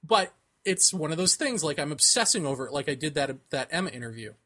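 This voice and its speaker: A man's voice: fairly high pitch, sing-song, fast, pushed and bright. A man co-hosting a podcast, telling a long personal story in casual chat, laughing often and acting out the voices of the people he quotes. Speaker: podcast co-host.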